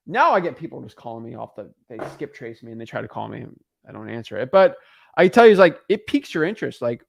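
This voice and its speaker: A man's voice: a little high, sing-song, fast talker, vocal fry. A young man coaching on a live stream, emphatic and repetitive, driving his points home. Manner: emphatic, repetitive, acts out callers' voices. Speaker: real estate wholesaling coach. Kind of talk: energetic live-stream teaching.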